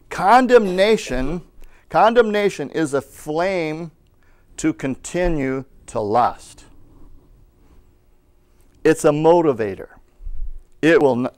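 Exhorting preacher man, smooth voice. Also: fairly high pitch. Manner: exhorting, calls for amens, reads scripture aloud. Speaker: pastor teaching a Bible school class. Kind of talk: sermon.

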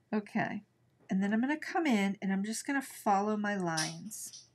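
A middle-aged woman leads a live art lesson, talking through each brushstroke in a relaxed, chatty way. She thinks out loud and answers viewers as she paints. Her voice sits at an ordinary middle pitch. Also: measured pace. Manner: chatty, thinks aloud while working. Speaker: art instructor.

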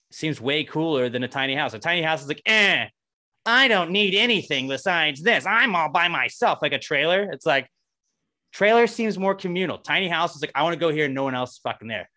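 Male podcast co-host, a touch high and sharp-toned; rambling casual talker who acts out the voices he quotes. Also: expressive, quick pace. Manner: loose, rambling talk, often acting out quoted voices. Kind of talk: casual chat.

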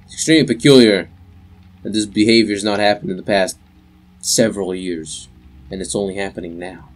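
A man's voice: fairly low pitch, steady tone, fairly quick. A young man narrating as game master for a tabletop game, in a loose, rambling way with many fillers.

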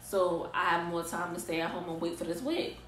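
A young woman telling an animated, exasperated storytime vlog in casual slang. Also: on the low side, fairly quick, reverberant, a little hiss or hum, poor audio. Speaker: vlogger.

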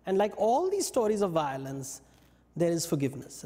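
A man giving a lecture, telling stories in an animated way and briefly acting out what the characters say. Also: high-pitched, moderate pace, big-room sound. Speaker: invited speaker. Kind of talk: lecture on mythology. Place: yoga studio talk.

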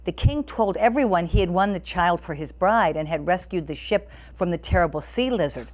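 Animated woman reading a story aloud. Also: on the low side, normal speed. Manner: expressive, animated.

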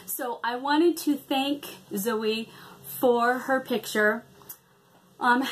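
A woman's voice: a little high, fairly bright tone. A woman chatting casually in a craft vlog, hesitant with many ums and restarts. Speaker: cross-stitch vlogger.

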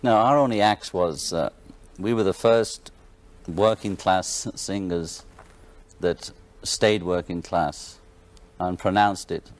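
A man in his thirties with a Liverpool accent speaks on a television studio set. His voice sits a little low, and his talk is offhand and wry. He chuckles between remarks. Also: slow. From England. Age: 30s. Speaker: guest musician. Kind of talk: casual talk-show interview.

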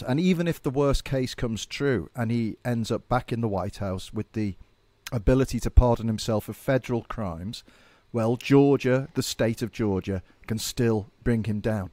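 A man co-hosts a political podcast in a medium-pitched voice. He speaks in an animated way, often stammering over his opening words, and tends to ask rhetorical questions. The recording is dry and close. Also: moderate pace, dry recording. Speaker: podcast co-host. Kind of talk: casual political chat.

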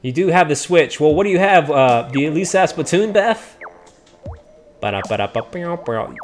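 A man's voice: fairly high pitch, expressive, a little fast, faint music behind. A man streaming online matches with viewers, chatting casually and greeting and teasing them by name. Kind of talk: casual live-stream chat.

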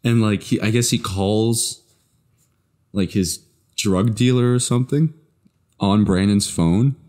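A man with a fairly low voice co-hosts a podcast in easygoing chat. He tells stories haltingly, leaning on "like" and restarting his sentences. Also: darkish tone. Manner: halting, filler-heavy storytelling. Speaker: podcast co-host. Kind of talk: casual chat.

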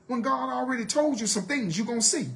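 Leading an evening Bible study in a sermon style, a man with a very high, expressive voice speaks briskly, posing rhetorical questions to listeners and swinging between loud urging and quiet asides.

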